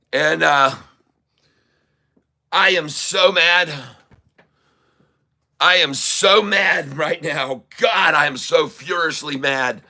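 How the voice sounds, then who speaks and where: A man from Ireland hosting a stock market show, ranting furiously and profanely, repeating himself and sometimes shouting. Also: on the high side. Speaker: stock market video host. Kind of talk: angry ranting market commentary. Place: Dublin, Ireland.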